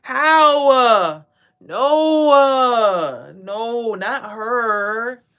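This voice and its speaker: A woman voicing a jealous, envious onlooker in a high, loud, protesting whine. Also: expressive, very slow, smooth, lo-fi sound, full character voice. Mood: indignant.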